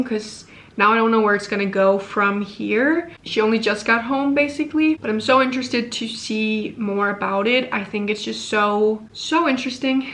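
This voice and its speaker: A young woman vlogs to camera about a novel she's reading, chatty and gushing with many fillers. Her voice is on the high side and a bit bright.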